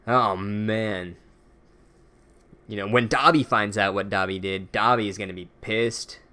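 A man's voice: fairly low pitch, measured pace, pushed and bright. A young man recapping a book chapter with sarcastic, profane comedy and mock-academic asides.

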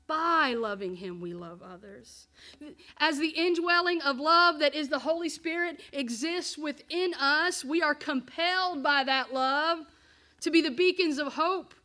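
A woman pastor preaching a sermon and telling a personal story, in an earnest, measured way. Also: sits high, bright, forceful tone.

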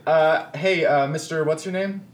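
A man's voice: a little high, normal speed. A man chatting as a player in a tabletop role-playing game. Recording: echoey room with faint noise.

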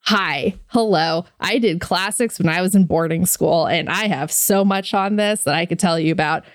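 A woman with a lowish voice co-hosts a podcast, speaking at a normal pace in a dry, studio-quality recording. She chats casually, laughs often, leans heavily on fillers, and reads lore text aloud.

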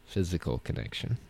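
A man's voice: low-pitched, creaky, darkish tone, slight background noise. A man in casual comedic chat, laid-back and rambling, often trailing off.

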